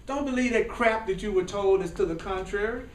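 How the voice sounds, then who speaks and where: A man's voice: sits high, fairly quick. A man teaching a spiritual class to a group, emphatic and preacherly, repeating phrases for stress. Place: classroom with a small audience. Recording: echoey room, mic at a distance, faint hiss.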